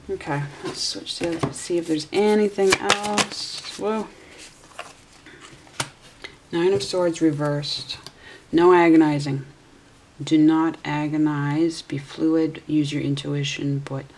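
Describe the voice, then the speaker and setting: A woman's voice: low-pitched, vocal fry, a little mellow. A woman in her forties giving a casual tarot reading, musing aloud and correcting herself as she goes. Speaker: tarot reader.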